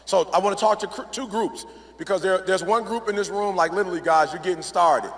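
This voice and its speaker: Male motivational speaker, gravelly and high, emphatic and repetitive, large echoey hall. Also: fairly quick. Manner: emphatic, repetitive, addresses crowd often. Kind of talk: motivational speech to a live audience.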